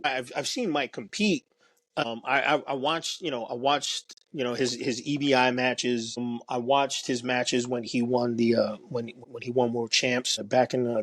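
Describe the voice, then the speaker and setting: A man's voice: medium pitch, no room sound. A man, a documentary filmmaker, talking as a guest in a casual podcast chat, rambling with many restarts and fillers.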